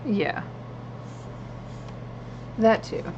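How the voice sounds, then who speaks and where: A woman's voice: extremely slow, muffled recording, slight background noise. A woman streaming her drawing, chatting casually and muttering to herself while she works. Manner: soft-spoken, distracted, mutters to herself while working. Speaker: artist streaming a drawing session.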